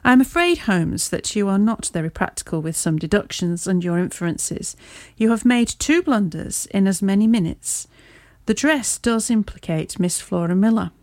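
A woman's voice: medium pitch, expressive, normal speed, a little mellow, no room sound, lightly acted. Woman voicing a stubborn, indignant male inspector in a storybook reading, dry close sound. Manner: gruff, indignant. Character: blunt, proud male police inspector, stubborn.

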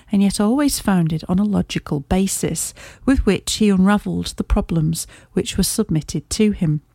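A woman narrates a classic detective tale in a measured, even storytelling voice. Her tone is warm and mellow. The recording is close and dry, with no room sound. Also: medium pitch, dry recording. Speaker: audiobook narrator. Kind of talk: scripted narration.

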